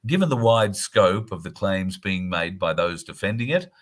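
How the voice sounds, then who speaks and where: Tired deep-voiced Australian man reading aloud. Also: lively intonation. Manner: careful reader, stresses words deliberately. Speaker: co-host reading a written piece. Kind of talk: reading a prepared text, then casual chat.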